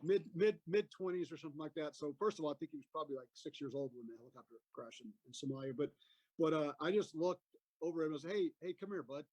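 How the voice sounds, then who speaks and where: A man's voice: on the high side, fast, a little mellow, no echo, rough recording. A man in his fifties, an army veteran guest, telling a war story in a rambling way with many fillers. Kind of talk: casual storytelling on a podcast.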